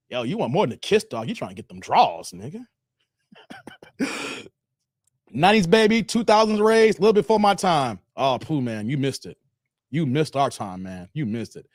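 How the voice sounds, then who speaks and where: High-voiced man hosting a livestream. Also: expressive, moderate pace, pauses often, no echo, clean studio sound. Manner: laughing, teasing, breaks into singing old songs. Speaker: livestream host reading viewer chats. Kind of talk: casual livestream chat.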